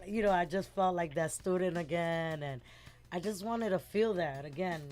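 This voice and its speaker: A middle-aged woman, telling a lively story as a guest in a casual interview and acting out the voices of the people in it. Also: lowish voice, normal speed. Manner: animated, acts out quoted voices, switches between English and Spanish words.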